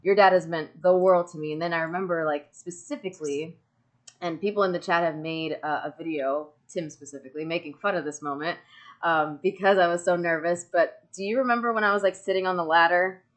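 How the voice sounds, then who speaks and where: A woman in her thirties hosting a stream over a video call, telling excitable stories, laughing often and acting out quotes in casual chat. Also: on the low side, fairly quick.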